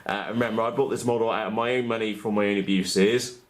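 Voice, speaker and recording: A man's voice: on the low side, steady tone, fast. A man giving casual, blunt unboxing commentary on radio-control models, with plenty of fillers and restarts. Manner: chatty, blunt, frequent uh fillers and self-corrections. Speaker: RC model hobbyist vlogger.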